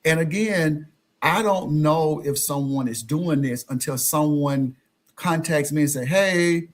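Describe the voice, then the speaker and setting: A man who is a guest on a podcast, telling his own experiences with lively storytelling and often acting out what others said. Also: fairly high pitch, unhurried. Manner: animated, acts out quoted exchanges. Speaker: podcast guest, social media influencer. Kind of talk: conversational storytelling.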